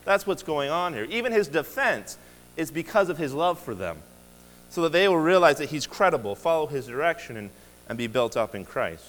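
A man's voice: on the high side, sing-song, fairly quick, a bit bright, long reverb tail, poor audio. A man preaching a sermon as pastor, earnest and emphatic, often restarting his phrases. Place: church sanctuary.

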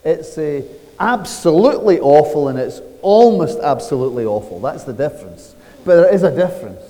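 A man's voice: a little high, big pitch swings, normal speed, warm tone, big-room sound, rough recording. A man preaching a sermon, retelling a story dramatically and asking rhetorical questions.

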